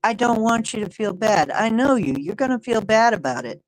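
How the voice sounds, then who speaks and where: A woman voicing the gentle male spirit of her cat in person form, speaking softly and reassuringly. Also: on the high side, animated, normal speed, voice pushed up, lightly acted, poor audio. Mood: tender. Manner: soft, tender, reassuring.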